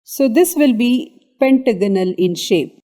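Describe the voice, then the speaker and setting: Indian lady doing an anatomy revision lecture, soft dark tone, lots of "okay"s. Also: on the high side, expressive, unhurried. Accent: Indian English. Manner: explains step by step, often checking with "okay".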